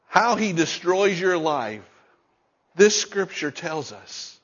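A man's voice: sits high, lively intonation, slow, a bit bright, breathy edge, muffled recording. A male pastor preaching a sermon, emphatic and repeating key lines, chuckling between points.

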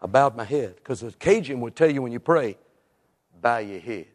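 A male evangelist, telling an animated story in a sermon and acting out the people in it. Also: medium pitch, fairly quick. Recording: long reverb in a large hall.

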